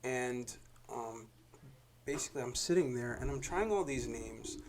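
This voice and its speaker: A young man as a podcast guest, telling stories in a relaxed way with chuckles. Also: mid-range voice, a little slow, a little hiss or hum. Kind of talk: casual interview.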